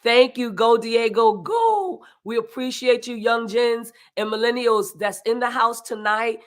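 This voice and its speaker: Woman host, lively livestream greetings, shouting out viewers, enthusiastic. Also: a little high, a little slow. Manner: warm, energetic shout-outs, calling out viewers' towns. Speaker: host and moderator.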